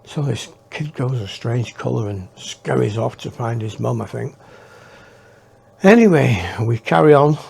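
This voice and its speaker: A man's voice: medium pitch, lively intonation, unhurried, creaky, darkish tone, breathy edge. A man telling his memoir in a rambling, reflective way. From northern England. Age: 60s. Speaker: storyteller. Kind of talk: memoir storytelling.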